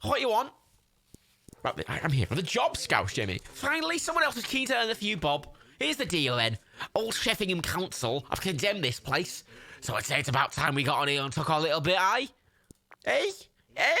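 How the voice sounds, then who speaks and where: Man putting on a shouty Scouse schemer. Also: high-pitched, voice pushed up, full character voice. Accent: put-on Liverpool. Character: scheming Scouse male scrap scavenger.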